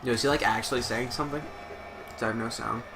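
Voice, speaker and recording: A man's voice: medium pitch, steady tone, fast talker, pushed and bright, soft background music. A man giving casual, rambling gameplay commentary on his own, profane and joking, with asides to his dog. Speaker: video game commentator.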